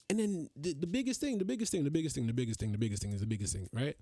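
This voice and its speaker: A man's voice: high voice, very animated, rapid-fire, few pauses, warm tone, no echo. A man hosting a podcast, ranting in a casual, profane, exasperated way. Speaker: podcast host. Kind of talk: casual solo rant.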